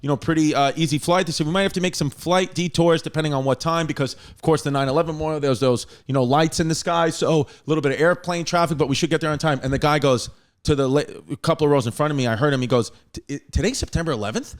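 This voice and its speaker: A man hosting a comedy podcast, telling excitable stories and doing hyped ad reads. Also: a little high, quick pace. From Staten Island, New York. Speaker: podcast host. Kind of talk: casual podcast chat and read ad.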